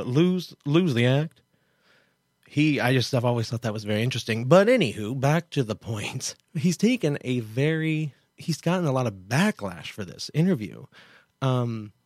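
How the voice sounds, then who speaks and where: A man's voice: medium pitch, a little mellow, dry recording, studio quality. A man from Kansas hosting a show, commenting casually with chatty asides and incredulity. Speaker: show host.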